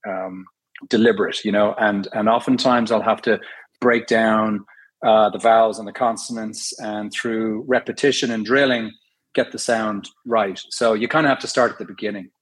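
Husky Irish-accented actor guest. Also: male voice, fairly low pitch, fairly even intonation, normal speed. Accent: Irish, mixed with London and American. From Ireland. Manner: laughs easily, explains with examples, many fillers. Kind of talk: casual interview chat.

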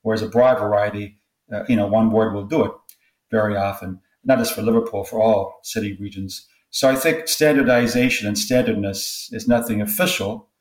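A man's voice: fairly low pitch, a little mellow. A man, a guest sociolinguist, giving thoughtful, expansive interview answers. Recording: roomy echo.

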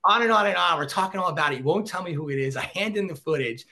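A young man who is a podcast guest, telling animated stories and laughing often. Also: sits high, very fast, a crowd in the background. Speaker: podcast guest, former celebrity street reporter. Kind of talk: casual storytelling.

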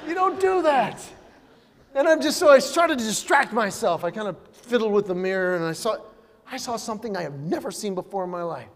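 A middle-aged man performing animated stand-up comedy, breaking into shouted, acted-out quotes. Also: sits high, fairly quick. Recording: live hall with long reverb, faint noise.

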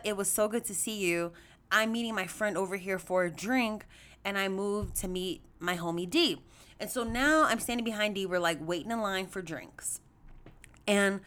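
A woman hosting a podcast, telling a story in a chatty, animated way, addressing her listeners as y'all and acting out quoted voices with big jumps in pitch. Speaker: podcast host. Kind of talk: casual storytelling monologue.

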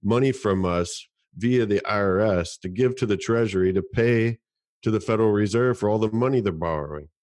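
A man's voice: fairly low pitch, a little fast, darkish tone, no echo, studio quality. A man co-hosting a podcast in casual chat, explaining ideas and often repeating words as he thinks. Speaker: podcast co-host.

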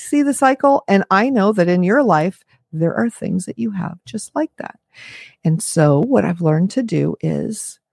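A woman's voice: mid-range voice, darkish tone, dry recording. Woman, middle-aged, podcast host, earnest, chatty, close dry mic. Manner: earnest, conversational, talks things through with fillers. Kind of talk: casual advice monologue.

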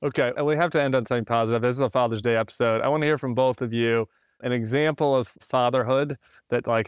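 A man hosting a podcast, briskly and upbeat, steering the conversation and wrapping up the episode. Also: medium pitch, clean tone, no room sound, clean studio sound. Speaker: podcast host.

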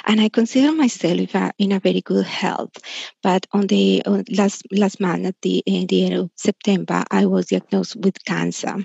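A forty-year-old woman calling in to a show, speaking politely, earnestly and a little haltingly. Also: medium pitch, steady tone, gravelly, darkish tone, slightly rough, no echo. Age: 40s. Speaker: caller. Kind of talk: call-in conversation. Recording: dull dry lo-fi line.

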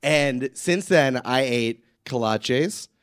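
A man in his thirties co-hosting a live podcast, telling stories in an excitable way. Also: mid-range voice, slow. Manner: excitable, storytelling, laughing. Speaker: podcast co-host. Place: live show on stage.

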